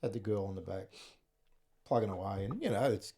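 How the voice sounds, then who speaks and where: Mellow-voiced host, blunt and sweary. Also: male voice, on the low side, fairly quick, gravelly, slightly rough. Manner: blunt, swears freely, animated storyteller. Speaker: podcast host. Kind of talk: casual chat.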